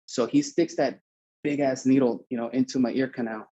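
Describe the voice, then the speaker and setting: A young adult guest from Mexico recounts a story on a podcast at a moderate pace and medium pitch, casual and animated, swearing as he voices both sides of the conversation. The audio is dull, with slight background noise.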